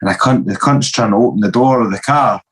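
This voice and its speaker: A man's voice: lowish voice, fast. A young man with a Scottish accent, a fighter talking as a podcast guest, swearing freely and laughing through his stories. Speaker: guest, professional MMA fighter. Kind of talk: casual podcast chat.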